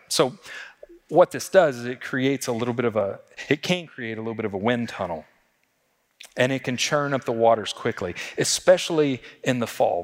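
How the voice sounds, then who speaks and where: A man's voice: medium pitch, in a large hall. A man preaching a sermon as a pastor, talking conversationally and asking the congregation rhetorical questions.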